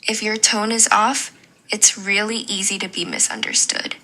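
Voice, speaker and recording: A woman teaching a Mandarin lesson in a slow, clear and encouraging way. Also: mid-range voice, steady tone, sharp tone, rough recording. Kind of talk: scripted lesson narration.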